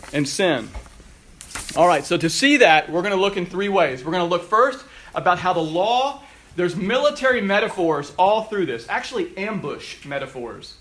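Preaching a sermon, a man with a high-pitched, slightly bright voice teaches through a text. As a pastor, he speaks emphatically and lifts his voice on the verses he quotes.

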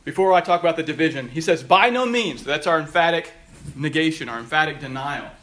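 A man's voice: on the high side, fast, a bit bright. A man preaching a sermon, teaching through a text with emphatic rises on the verses he quotes. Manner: emphatic, rising on quoted scripture. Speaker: pastor.

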